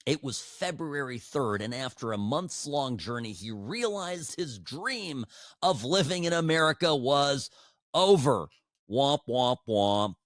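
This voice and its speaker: A man hosting a political commentary podcast, talking in an animated, sarcastic way with frequent restarts, into a studio microphone. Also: a little high, a little slow, no room sound. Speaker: podcast host.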